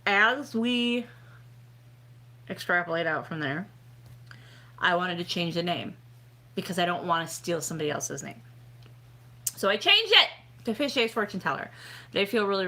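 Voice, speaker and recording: A tipsy woman hosting a tarot livestream, rambling and self-deprecating, with bursts of excitement. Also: fairly low pitch. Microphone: home webcam livestream.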